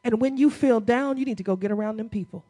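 Animated woman preaching a conversational sermon. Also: a little high, fast. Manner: conversational preaching with acted-out quotes. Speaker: pastor.

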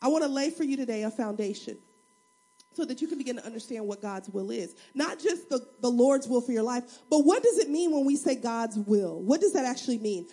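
A woman pastor preaching a sermon in a lively, humorous, conversational way, speaking directly to the congregation. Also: a little high. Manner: animated, humorous, acts out prayers and everyday scenes.

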